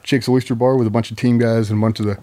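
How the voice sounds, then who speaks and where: Middle-aged man, military veteran, casual storytelling, profane, filler-heavy, average pitch. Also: flat delivery, racing, dark tone. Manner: loose and profane, frequent ums and likes.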